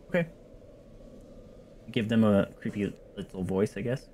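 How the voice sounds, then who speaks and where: A man streaming a video game, reacting with animated exclamations and casual swearing. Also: on the low side, moderate pace, long pauses. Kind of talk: casual gameplay commentary.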